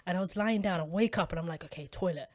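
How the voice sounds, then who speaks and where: A woman's voice: on the low side, racing. Young woman telling a candid story. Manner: candid storytelling, slangy and animated. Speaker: podcast co-host. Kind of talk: casual chat.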